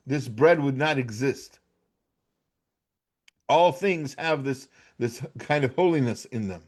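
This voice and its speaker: An American man giving an informal Torah class, talking conversationally with frequent restarts and "right?" checks. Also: fairly high pitch. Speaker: class teacher.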